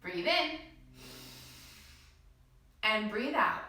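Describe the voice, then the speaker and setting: A woman leading a children's yoga class, gently encouraging the kids and asking them questions as she guides their breathing. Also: high voice, very animated, a little slow, pauses often. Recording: very echoey room from a distance.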